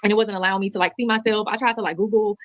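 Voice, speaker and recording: Woman, emotional livestream monologue, rapid delivery, dull dry replayed audio. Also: medium pitch, steady tone, no room sound. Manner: chatty, heartfelt, rambling.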